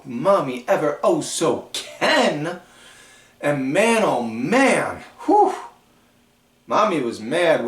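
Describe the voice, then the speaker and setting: A man's voice: a little high, fairly bright tone. A man hosting a wrestling podcast, recapping shows in a rambling, casual way full of fillers. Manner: slow, drawn-out, rambling delivery with frequent fillers. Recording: echoey room, far from the mic.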